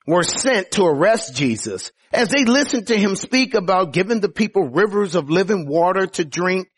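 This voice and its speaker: A man preaching a sermon, teaching through scripture verses, often opening phrases with "oh" and climbing to emphatic highs. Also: normal speed, a little hiss or hum. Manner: lively preaching, rising to emphatic highs, many "oh" openers.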